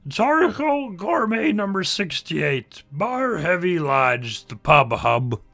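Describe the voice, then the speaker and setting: A man putting on a slow, dramatic announcer voice to read out a chapter title, with faint music behind. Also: high voice, very animated, vocal fry, sharp tone, pitched above the performer's own voice, heavily acted. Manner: slow, dramatic, drawn-out delivery.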